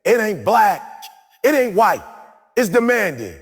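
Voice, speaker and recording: Forceful male motivational speaker with a lively pitch. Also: unhurried, breathy edge. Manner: preaching call-and-response, leads the crowd in chanting; forceful, repetitive exhortation. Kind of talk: live motivational speech. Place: large hall with an audience. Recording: long hall reverb with faint music.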